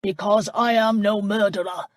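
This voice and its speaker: A woman reading the lines of a deceitful aging man, defending himself in a measured way. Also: medium pitch, steady tone, no echo, lightly acted. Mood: defensive. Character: deceitful aging man, former false lord.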